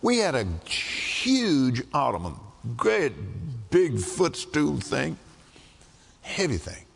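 An older man preaching a sermon, telling a folksy story with frequent laughter in an animated way. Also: on the high side, takes it slowly, gravelly. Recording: echoey hall.

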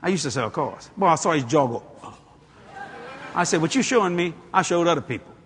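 High, animated male preacher telling a story. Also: a little fast. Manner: animated, acts out the people in his stories, climbs to shouting. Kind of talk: storytelling sermon.

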